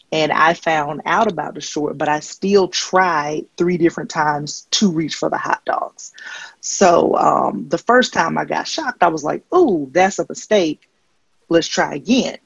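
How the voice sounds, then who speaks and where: A woman performs a stand-up set in a dry, unhurried deadpan, padding her lines with ums and asides. Her voice is gravelly and husky at a middle pitch. The stage mic sounds dull and lo-fi with no room echo. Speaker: stand-up comedian. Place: comedy stage.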